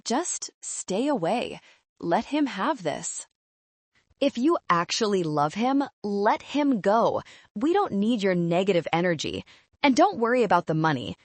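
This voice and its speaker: A woman's voice: medium pitch, big pitch swings, measured pace, no room sound. Woman doing a sneering bride-to-be, Tiffany. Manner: sneering, condescending. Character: scornful young bride-to-be, cruel and mocking.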